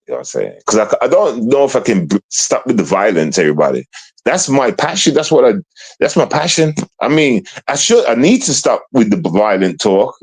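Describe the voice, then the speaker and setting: A man's voice: medium pitch, sing-song, fairly quick, husky. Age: middle-aged. Sex: man. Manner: rambling, swearing rant. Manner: rambling and heavy-swearing, full of repeated fillers. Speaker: live streamer. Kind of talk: casual live-stream rant.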